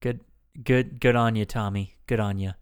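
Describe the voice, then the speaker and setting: Guy rambling thru a movie recap on a podcast, lots of ums, swears a lot, smooth clear voice. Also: fairly low pitch, steady tone, moderate pace. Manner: rambling, crude, many fillers and restarts. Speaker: podcast co-host. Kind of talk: casual chat.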